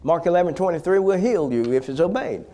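A man preaching a healing sermon, emphatic and rising to loud, repeated exhortations, with frequent restarts. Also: fairly high pitch, lively intonation, a little fast. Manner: restarts and stammers between phrases.

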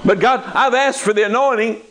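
A man's voice: very high-pitched, fairly quick, noisy background, pitched above the performer's own voice. A man doing a whiny, pleading believer. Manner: plaintive, complaining. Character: pleading, whiny male believer begging God.

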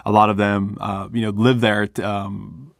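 A man's voice: lowish voice, level tone, moderate pace, gravelly, no echo, clean studio sound. A man from Pensacola, a chef being interviewed, talking in a friendly way with frequent restarts. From Pensacola, Florida. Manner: friendly, hesitant with many restarts. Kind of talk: conversational interview.

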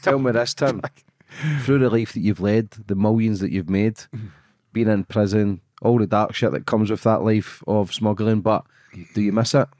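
A man's voice: on the low side, normal speed, darkish tone, no echo, studio quality. A man hosting a podcast interview, asking direct, blunt questions. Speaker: podcast host.

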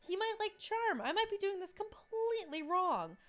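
A woman's voice: extremely high pitch, sing-song, normal speed, fairly bright tone. A young woman hosting a casual let's play, chatty and giggly. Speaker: gaming channel host.

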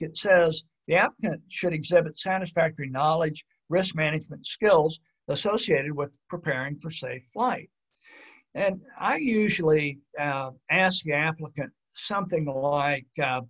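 Slightly high-voiced man explaining patiently. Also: fairly bright tone. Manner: measured, explanatory, with frequent fillers. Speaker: pilot examiner. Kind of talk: webinar presentation.

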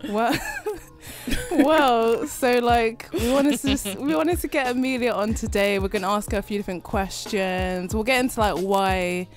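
A woman's voice: on the high side, unhurried, hardly any pauses, faint music behind. A woman from London hosting a podcast in casual chat, laughing often and talking in a playful, chatty way. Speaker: podcast host.

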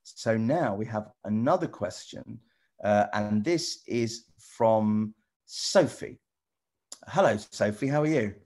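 A middle-aged man chatting casually with children over a video call, rambling and halting with lots of restarts. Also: fairly low pitch, expressive, a little mellow. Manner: rambling, halting, full of restarts and "you know". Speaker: celebrity guest answering children's questions. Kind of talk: casual friendly chat with children.

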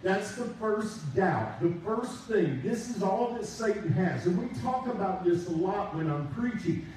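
A man preaching a sermon, drawing out his emphasis and pausing for responses from the congregation. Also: high-pitched, lively intonation, darkish tone, slight background noise. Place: church sanctuary. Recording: echoey church from a distance.

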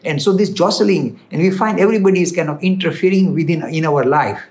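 Indian accent guy explaining stuff, gets emphatic, fairly high voice. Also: fast talker. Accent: Indian English. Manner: animated, emphatic, rises when stressing points. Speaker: speaker answering viewer questions. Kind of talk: explanatory talk on philosophy. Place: London studio.

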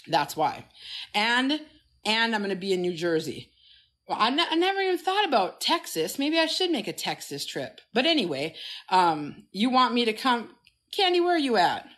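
A middle-aged woman coaching and telling stories on a phone live stream, blunt and profane. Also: mid-range voice. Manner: blunt, profane, animated storyteller. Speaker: health coach. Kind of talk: casual TikTok live chat.

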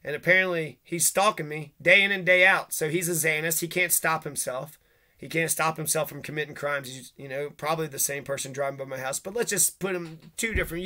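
In an angry rant to camera, a vlogger with a bright, forceful voice on the high side swears constantly. Agitated and accusatory, he goes after people one after another.

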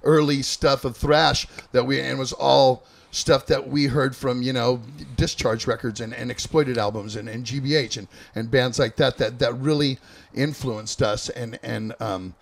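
A man's voice: medium pitch, steady tone, moderate pace, vocal fry. A middle-aged man hosting an interview, speaking eagerly and often stumbling over his words. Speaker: host, thrash metal musician.

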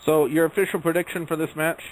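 A man's voice: a little high, steady tone, fast, poor audio. A man hosting an internet radio talk show, emphatic, calling on each panelist in turn. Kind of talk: casual wrestling talk show.

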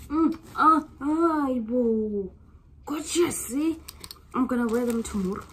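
A young South African woman with a South African accent, chatting casually to her vlog audience in an expressive, gushing way that swings between soft musing and loud excitement. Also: high-pitched, slightly rough. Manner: drawls words out slowly. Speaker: vlogger.

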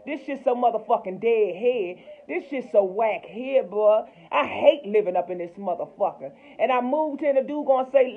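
A man in a fierce, curse-heavy rant aimed straight at his audience. His voice sits high, and he hammers the same insults again and again. The sound is thin and boxy, like it was recorded through a phone. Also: expressive, normal speed, breathy edge, phone-quality sound. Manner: heated, profane, preachy, repeats insults. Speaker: vlogger. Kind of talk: angry profane rant to camera.

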